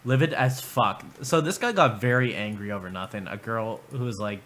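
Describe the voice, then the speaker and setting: A man's voice: fairly low pitch, normal speed, a bit bright, slight background noise. A man hosting a livestream, commenting casually with profane, sarcastic remarks. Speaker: livestream host.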